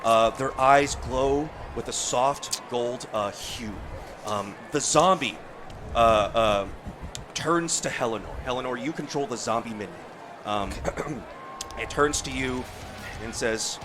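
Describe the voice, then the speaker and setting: A man running a tabletop game as a wrestling announcer, shouting hype between filler-heavy narration. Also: medium pitch, slow, music in the background.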